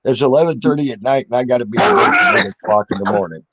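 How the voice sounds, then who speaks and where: A man's voice: mid-range voice, wildly swooping pitch, very fast, fairly bright tone, breathy edge, no room sound. Laid-back male host, dry lo-fi sound. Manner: laid-back, laughs often, blunt. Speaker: podcast host. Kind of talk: casual chat. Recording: dry lo-fi audio.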